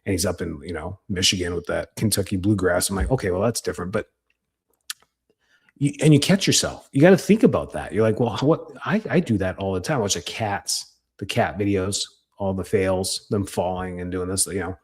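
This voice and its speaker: A man giving a casual, animated talk as a marketing coach, often quoting people in a raised voice. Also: normal speed, husky. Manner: animated, conversational, jumps in pitch when quoting patients.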